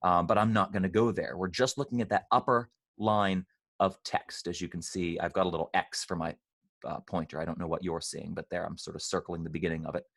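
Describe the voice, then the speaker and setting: A man's voice: low-pitched, fairly even intonation, gravelly, fairly bright tone. Patient man teaching choir pronunciation. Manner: patient, explanatory, demonstrates sounds slowly. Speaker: choir director. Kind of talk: online choir rehearsal lesson.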